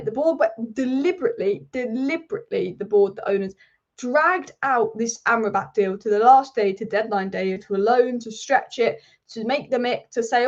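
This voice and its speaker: A woman's voice: a little high, brisk, highs cut off. A woman hosting a live football show, ranting passionately and repeating points for emphasis. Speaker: football channel host.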